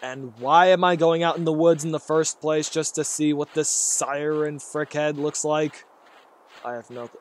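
A man's voice: a little high, fairly even intonation, normal speed. Jittery man playing a horror game. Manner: rambling, jittery, talks to himself. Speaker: gaming YouTuber. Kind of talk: horror game let's play commentary.

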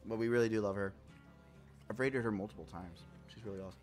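A man live-streaming a game, talking casually with his chat in a loud, profane, playful way. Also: lowish voice, fast, soft background music. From Puerto Rico.

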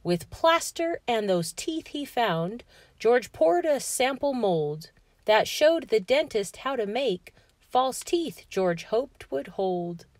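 A woman reading a rhyming children's picture book aloud in an expressive, sing-song way. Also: on the high side, slow pace, no room sound. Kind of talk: read-aloud storytelling for kids.

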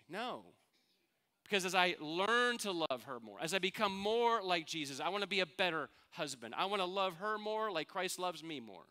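A man's voice: sits high, bright, forceful tone. A middle-aged man, a pastor, preaching a sermon in an earnest, conversational way, asking his listeners questions.

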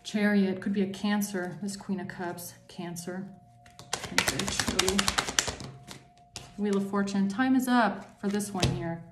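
A woman's voice: mid-range voice, fairly even intonation, slow, echoey room, noisy background. Angry swearing woman reading tarot. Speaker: tarot reader.

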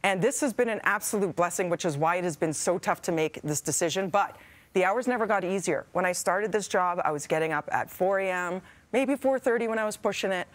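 A woman's voice: fairly low pitch, brisk. A woman co-host of a morning TV show, giving a heartfelt on-air farewell to her viewers. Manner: heartfelt, warm, fighting back tears. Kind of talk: emotional on-air farewell speech. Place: TV studio.

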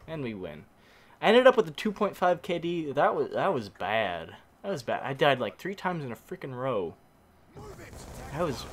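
Animated gamer man, bright voice. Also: medium pitch, a little hiss or hum. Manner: swings from mutters to frustrated shouts; mild minced swearing. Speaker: gameplay commentator. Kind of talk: casual game commentary.

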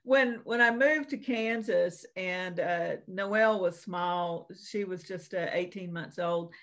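A woman's voice: lowish voice, slow pace, fairly bright tone. A woman, co-hosting a casual chat and telling folksy stories with lots of fillers. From Virginia / North Carolina. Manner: folksy storytelling with many fillers. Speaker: co-host.

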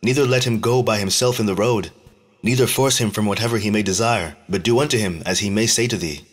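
A man's voice: on the low side, brisk, lightly acted. A man reading the lines of Sarah, an old mother who pleads tenderly for her son in archaic speech. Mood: pleading.

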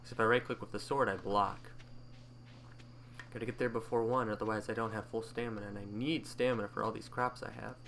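A man's voice: lowish voice, steady tone, fairly quick, gravelly, fairly bright tone, a little hiss or hum. A man hosting his own gaming channel, chatting casually and thinking aloud as he plays, with faint game music underneath. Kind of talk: casual gameplay commentary.

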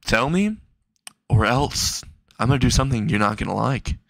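Man doing a calm creepy obsessive girl. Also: mid-range voice, normal speed, gravelly, no room sound. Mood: menacing.

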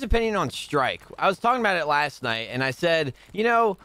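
A young man commentating his own gameplay to viewers, chatting casually and bursting into loud yells when things go wrong. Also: a little high, big pitch swings, fairly quick, over music. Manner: talks to viewers, bursts into yelling rage at deaths. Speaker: gaming streamer. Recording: faint gunfire behind.

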